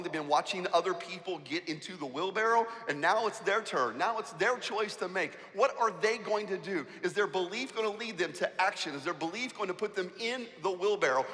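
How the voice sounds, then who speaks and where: A man preaching a sermon as pastor, emphatic and animated, asking the congregation rhetorical questions. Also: medium pitch. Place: church sanctuary. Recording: church hall with long reverb.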